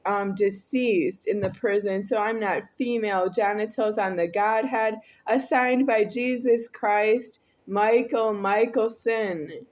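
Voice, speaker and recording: Woman video creator, unhurried and rambling, talking solo to camera in repeating loops. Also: medium pitch, steady tone. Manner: rambling, repetitive, swings between quiet and raised.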